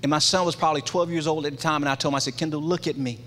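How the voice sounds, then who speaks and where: A man's voice: a little high, steady tone, rapid-fire, fairly bright tone. Impassioned man preaching in a reverberant church. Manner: impassioned, repetitive preaching cadence. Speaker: men's ministry leader. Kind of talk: church testimony sermon. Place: large church sanctuary. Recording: long hall reverb.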